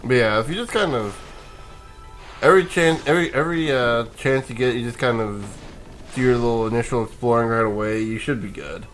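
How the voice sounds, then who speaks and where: A sleepy man talks through a video game session in a loose, rambling way, chuckling and restarting his sentences as he goes. His voice sits at an ordinary middle pitch, with faint game music playing underneath. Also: fairly quick, a bit bright. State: sleepy, yawning. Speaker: let's play gamer. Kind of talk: casual gameplay commentary.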